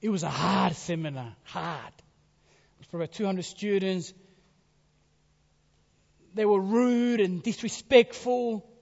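A man preaching a sermon, swinging between forceful emphasis and hushed, whispered phrase endings. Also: sits high, slow, vocal fry, pauses often. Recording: dull sound in a reverberant hall.

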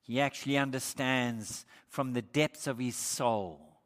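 A man preaching a sermon, emphatic, growing louder when he quotes scripture. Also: mid-range voice, a little slow. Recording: long hall reverb.

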